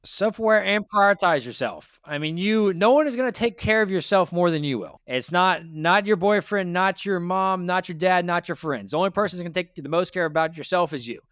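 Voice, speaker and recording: A man's voice: high-pitched, animated, a little fast, few pauses, a bit bright, clean tone, dry recording, clean studio sound. A man hosting a debt interview, giving blunt, lecturing advice and repeating his points. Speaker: financial advice host. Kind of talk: direct money coaching.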